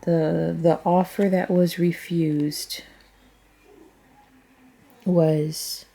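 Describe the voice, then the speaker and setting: A woman talks through a casual tarot reading at an unhurried, drawn-out pace. Her voice sits a little low and has a mellow, dark tone. She rambles as she thinks aloud and speaks frankly, swearing freely. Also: level tone, gravelly. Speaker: tarot reader.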